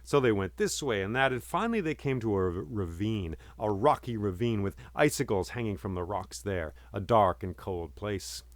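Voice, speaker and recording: A man telling a folk tale in a measured, dramatic and vivid way. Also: fairly low pitch, animated, dry recording. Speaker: storyteller. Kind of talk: oral storytelling.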